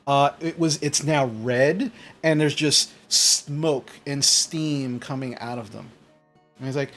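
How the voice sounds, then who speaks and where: A man's voice: mid-range voice, slow pace, fairly bright tone, soft background music. A man narrating a tabletop game as game master, rambling with restarts. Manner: rambling, full of fillers and restarts.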